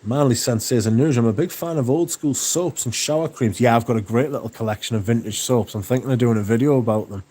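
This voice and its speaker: A man's voice: mid-range voice, fast, hardly any pauses. Sweary man chatting on a livestream. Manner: relaxed, sweary, chatty, enthusiastic. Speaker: livestream host. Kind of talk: casual livestream chat reading viewer comments.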